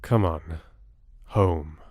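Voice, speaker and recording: A man's voice: very deep voice, drawn-out words, a little mellow, no room sound, clean studio sound, voice pushed down, exaggerated voice. A man reading the part of an affectionate, teasing young man in a romance audiobook.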